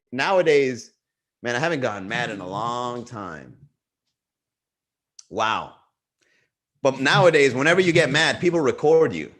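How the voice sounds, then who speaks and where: A man's voice: mid-range voice, a bit bright. A young man hosting a comedy livestream, riffing casually to the chat, swearing and laughing at his own jokes. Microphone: webcam livestream.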